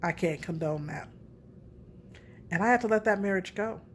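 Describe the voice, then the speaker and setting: A middle-aged woman hosting a casual relationship talk, candid and animated as she tells her own story. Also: mid-range voice, moderate pace, slight background noise.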